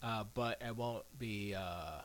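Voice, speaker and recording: A man talking casually to his stream from his home studio, rambling and muttering to himself, drifting between loud and hushed. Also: lowish voice, slow, a little hiss or hum. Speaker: live streamer.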